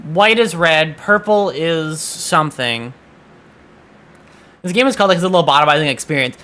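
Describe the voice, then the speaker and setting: A man's voice: a little high, normal speed, sharp tone. A man streaming a game and chatting casually, exasperated, swearing often and stumbling over restarts. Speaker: VTuber streamer. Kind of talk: casual gaming stream chat.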